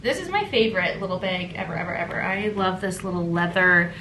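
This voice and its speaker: A woman's voice: lowish voice, brisk. A woman chatting casually in a travel vlog, gushing and bubbly, laughing often. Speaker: travel vlogger. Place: hotel room and city streets. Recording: background noise and ambience.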